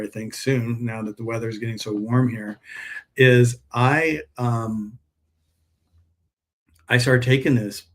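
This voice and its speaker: A man chatting casually on a live stream while packing orders, telling rambling stories in a friendly sales manner. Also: medium pitch. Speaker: herbal pet supplement seller.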